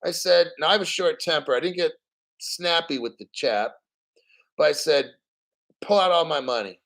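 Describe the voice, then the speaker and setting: A man's voice: on the high side, moderate pace, creaky, a bit bright. A man hosting a crypto channel, ranting bluntly and profanely in a casual livestream. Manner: mocking put-on quotes.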